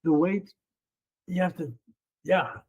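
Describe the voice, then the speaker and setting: Speaking slowly in a slightly rough voice on the high side, a man in his seventies tells an interview story and acts out the people he quotes. He used to be a runner and coach, and his delivery is animated, though the highs in the recording are cut off.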